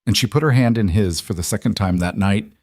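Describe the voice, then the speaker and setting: A man narrating a scripted story in a measured, even storytelling manner, recorded close on a studio mic. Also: fairly low pitch, no echo.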